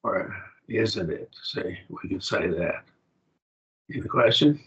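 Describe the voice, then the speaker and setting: This Greek grammar teacher speaks in a low yet animated, fairly bright voice over a video call with dull, lo-fi audio. He goes through the material slowly and questions his students.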